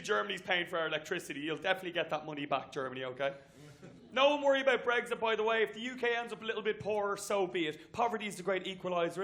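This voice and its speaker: An Irish man doing a stand-up set on a comedy stage. He talks briskly and chattily and works the crowd with asides. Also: very high voice, sharp tone. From Ireland. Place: comedy venue stage with audience.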